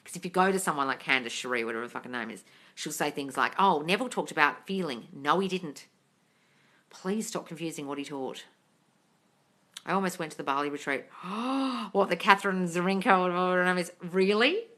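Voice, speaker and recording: A brisk woman whose voice sits on the low side and has a sharp tone hosts a live stream. Reading viewers' comments aloud, she answers bluntly, swears freely and calls them darling, all in casual chat.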